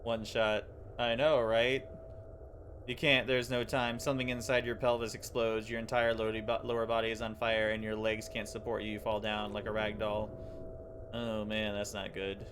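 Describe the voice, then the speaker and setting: A man streaming a game, reading its text aloud with stumbles, laughs and quick reactions. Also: fairly low pitch, monotone, fairly bright tone, a little hiss or hum.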